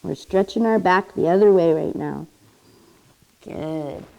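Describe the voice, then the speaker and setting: A woman leading a children's yoga class in a studio, gentle and encouraging. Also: fairly low pitch, unhurried, gravelly, dull audio. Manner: gentle, encouraging, playful with animal sounds.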